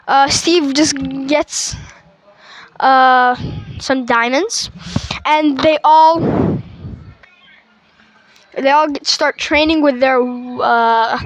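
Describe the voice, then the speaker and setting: A woman's voice: high-pitched, rough recording. A woman casually retelling a movie plot, rambling with fillers and restarts.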